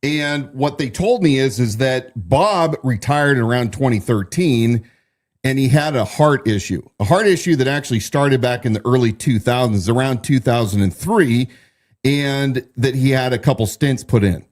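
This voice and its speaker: A man's voice: mid-range voice, normal speed, darkish tone. Man talking through political commentary. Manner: conversational, many restarts and repeats. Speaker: podcast co-host.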